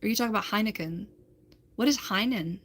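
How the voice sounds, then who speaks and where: A woman's voice: medium pitch, quick pace, fairly bright tone. A young American woman chatting casually on a livestream, rambling and laughing as she answers her chat. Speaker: livestream host.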